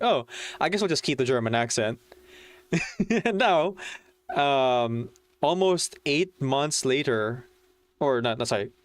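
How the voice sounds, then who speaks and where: A man with a smooth, resonant voice chatting loosely on a game stream. He rambles along easily, sprinkling his talk with fillers as he talks to his viewers. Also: medium pitch. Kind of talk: casual livestream chat.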